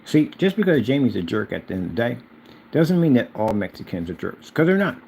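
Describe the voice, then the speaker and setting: A man hosting his own channel, ranting casually at the camera. He is boastful and challenging, swinging from loud calls to low mutters. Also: very animated, fairly quick, creaky, a little hiss or hum. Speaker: channel host.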